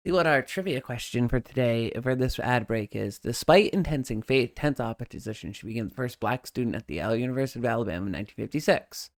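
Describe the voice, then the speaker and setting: A woman's voice: very deep voice, animated, fast talker, few pauses. A woman live streamer chatting casually and playfully to her audience. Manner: playful, chatty, reacts aloud.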